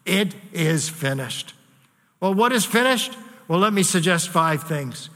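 Male pastor preaching earnestly, high bright voice, echoing hall. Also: lively intonation. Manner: earnest preaching with dramatic pauses and softened quotes. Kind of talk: sermon.

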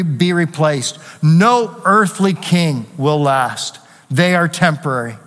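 High-voiced preacher in a reverberant hall. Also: male voice, fairly bright tone. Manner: earnest preaching with rhetorical questions and scripture reading. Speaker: pastor. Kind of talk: sermon.

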